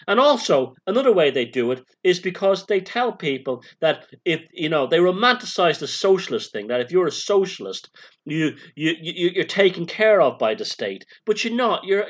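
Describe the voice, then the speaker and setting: A man's voice: high voice, very animated, a little fast, a bit bright. A middle-aged man with a sardonic, opinionated manner, rambling in a casual monologue as a vlogger. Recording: dull lo-fi sound.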